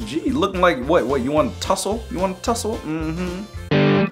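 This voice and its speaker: A young man doing casual gameplay commentary as a YouTuber, excitable and joking, with loud exclamations. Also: high voice, normal speed, over loud music.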